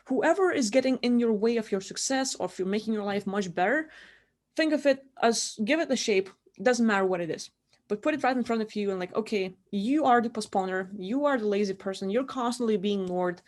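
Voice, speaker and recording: A woman giving casual guided spiritual instruction from her room, rambling and filling her talk with "like". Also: a little high. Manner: rambling, heavy use of "like". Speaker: spiritual teacher.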